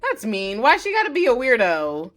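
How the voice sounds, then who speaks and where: Bright, excitable woman streamer. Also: a little high, moderate pace, soft background music. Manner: excitable, swears, squeals at cute moments. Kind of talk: live game playthrough, reading story aloud.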